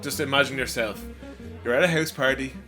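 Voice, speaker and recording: A young Irish man with a bright, forceful voice leads his friends through a crude imagined scene. He jokes bluntly and swears casually. Faint guitar music plays underneath. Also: medium pitch, a little fast. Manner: joking, sets up crude hypotheticals. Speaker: podcast co-host.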